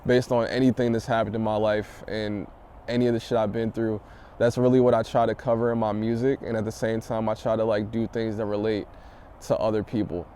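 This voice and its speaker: A young man from the DMV area, a rap artist, answering interview questions in a loose, profane, animated way. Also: lowish voice, fairly quick, a little hiss or hum.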